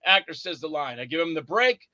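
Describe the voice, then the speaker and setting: A man with a high, very bright, forceful voice, guesting on an interview and spinning lively anecdotes. He acts out every person in his stories and curses freely. His voice sounds close and dry, with no room echo. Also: brisk. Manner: animated, acts out the other people in his stories; swears freely. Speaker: guest, indie horror actor and filmmaker. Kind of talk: casual interview storytelling.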